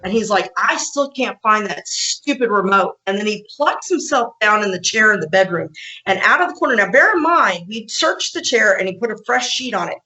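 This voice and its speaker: A woman podcast host telling an animated story in casual conversation, laughing often and acting out what people said. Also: medium pitch, fairly quick, rough recording.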